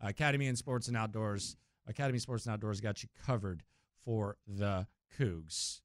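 A man hosting a sports radio show, animated and mock-serious, a self-described high-strung talker. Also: moderate pace, dry recording, studio quality. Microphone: studio microphone.

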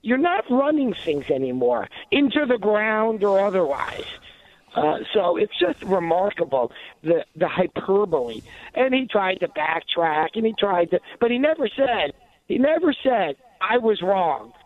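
A man's voice: high voice, big pitch swings, measured pace, narrow, tinny audio. A man giving indignant, sarcastic talk radio commentary, with many restarts and asides.

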